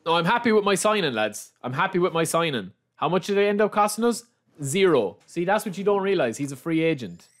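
A young man giving chatty, excitable gameplay commentary, calling his viewers lads. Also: sits high, fairly quick. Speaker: gaming YouTuber.

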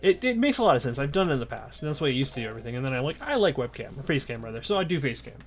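A man's voice: medium pitch, very animated, very fast, faint music behind. A man commentating his own gameplay, chatty and out of breath, muttering orders and counting under his breath. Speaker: gaming YouTuber. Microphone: desk mic with face cam.

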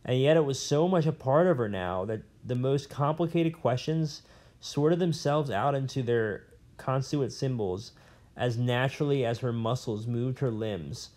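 A man's voice: mid-range voice, unhurried, a little mellow. A man reading a novel aloud in a plain way, with small slips and restarts. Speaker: reader.

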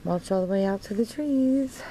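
A woman's voice: medium pitch, normal speed, warm tone, a little hiss or hum, poor audio. Tipsy, frustrated woman venting on camera. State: tipsy, slightly slurred from wine. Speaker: vlogger. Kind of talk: casual vlog monologue. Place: at home and outdoors in her yard.

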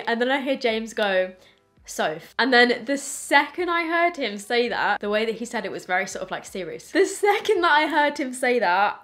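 A woman in her twenties, a beauty vlogger, telling a story in a chatty, animated way while doing her makeup. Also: on the high side.

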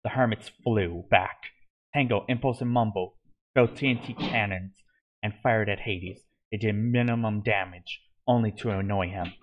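A man reading his own fan story aloud, in a steady delivery with small slips and restarts. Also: on the low side, moderate pace, lo-fi sound. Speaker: narrator.

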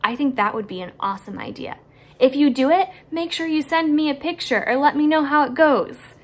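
A woman teaching children at church, telling a story with lively enthusiasm and talking straight to the kids. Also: high-pitched, fairly quick. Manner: animated, enthusiastic, speaks directly to kids.

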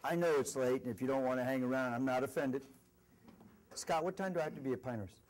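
A man's voice: medium pitch, fast talker. A middle-aged man, a company executive, giving an earnest motivational speech full of stories at a university event. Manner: storytelling, animated and earnest. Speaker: corporate executive speaker.

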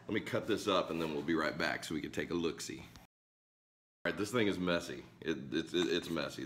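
Hoarse, deep-voiced man grilling. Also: fairly bright tone, slight background noise. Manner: enthusiastic, chatty, talks to viewers. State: hoarse from a cold. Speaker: cooking vlogger. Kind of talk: casual cooking vlog. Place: backyard grill and home kitchen.

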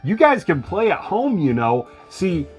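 A man's voice: high voice, sing-song, unhurried, husky, faint music behind. A man co-hosting a video game unboxing, chatting casually and joking with playful banter. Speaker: co-host of a gaming channel. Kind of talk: casual chat.

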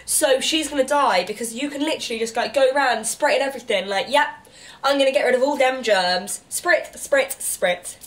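A young woman with a stuffy cold, chatting brightly as she unboxes beauty gifts, cooing and gasping at each item. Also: sits high, normal speed. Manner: bubbly, chatty, gasps and coos at each item. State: congested with a cold. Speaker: beauty vlogger. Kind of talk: casual unboxing chat.

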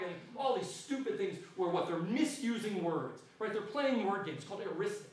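High-pitched lecturer in an echoey hall. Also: male voice, normal speed, few pauses, recorded from a distance. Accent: New Zealand. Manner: animated, frequent "right?" tag questions. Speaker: history lecturer. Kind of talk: public lecture.

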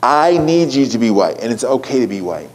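A man's voice: medium pitch, big pitch swings, brisk, darkish tone. A man giving a keynote talk, telling a story in a conversational way and putting questions to a live audience. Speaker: keynote speaker.

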